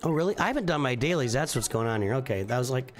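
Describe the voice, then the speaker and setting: A man's voice: medium pitch, animated, fast, faint music behind. A middle-aged man hosting a casual morning live stream, rambling and often restarting his sentences as he thinks aloud. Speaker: streamer and channel host.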